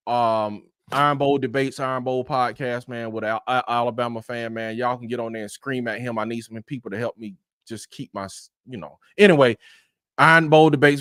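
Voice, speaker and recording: A man's voice: mid-range voice, fairly bright tone, clean tone, no echo, clean studio sound. Slangy man hosting a podcast. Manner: easygoing, slangy, repeats "man". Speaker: sports podcast host. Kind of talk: casual sports podcast chat.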